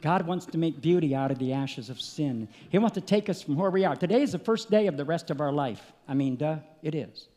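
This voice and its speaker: A male preacher giving an impassioned sermon, rising to loud peaks and dropping back to a low, earnest tone. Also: animated, a little fast, few pauses. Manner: impassioned, builds to shouting peaks then drops quiet. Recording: long hall reverb.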